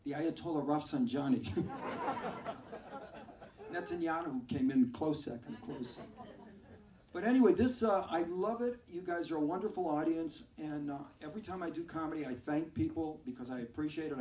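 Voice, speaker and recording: A male stand-up comedian telling self-mocking, deadpan one-liners on a club stage. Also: a little high, brisk. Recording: echoey club, far from mic, crowd.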